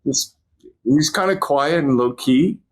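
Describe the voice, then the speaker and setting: A man's voice: medium pitch, measured pace. A man guest on a podcast, fondly reminiscing in a rambling, casual way with lots of fillers. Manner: rambling, fond, full of fillers.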